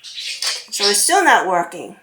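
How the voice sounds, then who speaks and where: A woman narrating a casual home video, excitable and cooing baby talk to her pet bird. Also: mid-range voice, slow pace, noisy background. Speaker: pet vlogger. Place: at home indoors.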